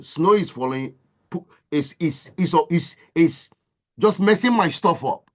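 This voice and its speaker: A man's voice: a little high, moderate pace, a little mellow, lo-fi sound. A man from Nigeria, giving a motivational talk as impassioned storytelling with emphatic repetition. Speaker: motivational speaker.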